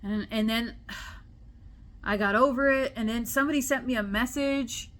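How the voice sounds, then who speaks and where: Woman, casual storytelling vlogger, bright tone, chatty and animated. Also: a little high, a little slow. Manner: animated, chatty, acts out quoted voices. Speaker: spiritual vlogger. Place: indoor room at home.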